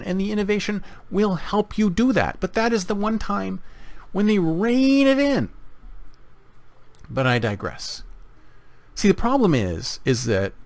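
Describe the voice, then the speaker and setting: A man's voice: sits high, dry recording. A man hosting a podcast monologue, speaking emphatically and repeating phrases for effect. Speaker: podcast host.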